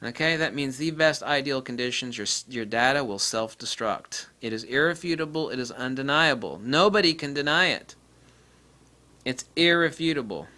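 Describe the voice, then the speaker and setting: A man giving an off-the-cuff repair tutorial, blunt and profane, ranting and mimicking people in high-pitched quotes. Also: lively intonation, moderate pace, sharp tone. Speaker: DIY repair presenter.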